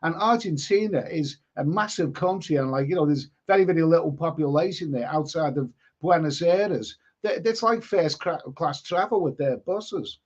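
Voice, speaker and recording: A rambling man hosts a casual live stream and answers viewer comments as they come in. His voice sits a little high for a man and trips over repeated words. The stream audio is dull and lo-fi. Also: normal speed, few pauses. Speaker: live stream host reading chat.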